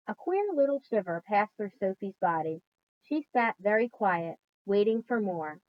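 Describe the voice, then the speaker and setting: A woman teacher reading a children's book aloud in a steady storytelling voice, on a dull lo-fi recording. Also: mid-range voice, normal speed, dry recording. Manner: steady storytelling, quieter on narration.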